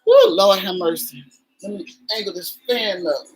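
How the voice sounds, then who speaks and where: A woman's voice: mid-range voice, huge pitch swings, normal speed, slightly rough, soft background music, poor audio. A woman in her forties, a vlogger chatting candidly and emotionally to her viewers while doing her makeup.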